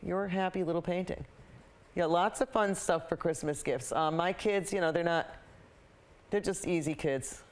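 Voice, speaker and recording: A woman's voice: fairly low pitch, moderate pace. A middle-aged woman with a cold teaches a painting lesson in a rambling, talkative way, with self-mocking asides. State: has a cold. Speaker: painting instructor.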